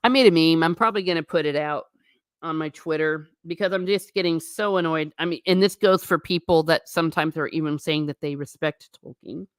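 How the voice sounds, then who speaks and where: Low-voiced woman musing alone, chatty and sarcastic. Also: fairly even intonation, fairly quick, no room sound, studio quality. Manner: chatty, rambling, sarcastic asides. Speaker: channel host. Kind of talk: casual solo musing. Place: living room.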